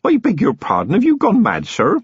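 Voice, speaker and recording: A man's voice: on the high side, huge pitch swings, moderate pace, husky, no room sound, voice pushed up, full character voice. A man reading a novel aloud, voicing an earnest young village constable who is eager, deferential and boyish. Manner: eager and deferential, lots of "sir". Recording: dull lo-fi audiobook recording.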